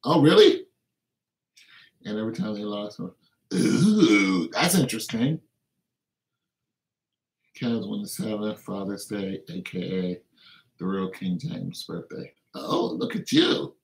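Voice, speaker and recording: A man's voice: takes it slowly, pauses often. A man hosting a casual livestream, rambling and joking in a mocking tone. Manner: joking, mocking, breaks into laughs and silly high voices. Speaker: livestream host. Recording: echoey room.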